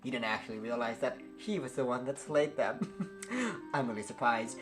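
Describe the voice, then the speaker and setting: A man's voice: medium pitch, expressive, normal speed. A man casually narrating a game playthrough with joking asides, over game music. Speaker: gaming video host. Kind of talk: playthrough commentary. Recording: game music playing behind.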